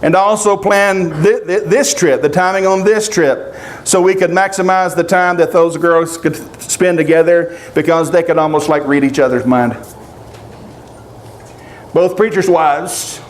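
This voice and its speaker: An older male preacher with a notably high voice delivers a sermon, recounting personal grief in halting, emotional phrases broken by long pauses. A faint hum of background noise sits under the recording. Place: outdoor family encampment gathering.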